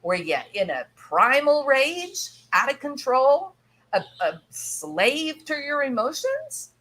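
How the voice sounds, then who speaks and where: A woman's voice: high voice, wildly swooping pitch, slow pace, a bit bright, rough recording. A woman hosting a podcast, explaining ideas in a chatty way, laughing now and then and acting out quoted voices. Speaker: podcast host. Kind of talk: casual explanatory monologue.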